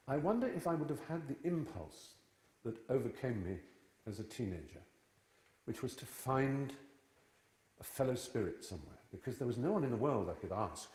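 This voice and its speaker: A man's voice: mid-range voice, a little mellow. Witty man telling stories in an echoey hall. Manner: witty, digressive storytelling. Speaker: guest speaker. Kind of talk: storytelling talk to a live audience. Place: large church hall before an audience.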